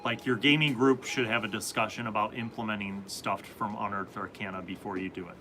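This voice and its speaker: A man's voice: lowish voice, fairly even intonation, brisk, noisy background. A man hosting a casual live stream, reading viewer comments and rambling through answers about tabletop games.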